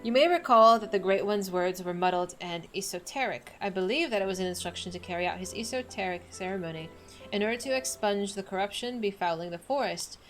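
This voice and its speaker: A woman reading a solemn woman elder's quest dialogue aloud in a measured, formal way. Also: mid-range voice, faint music behind, close to an everyday voice.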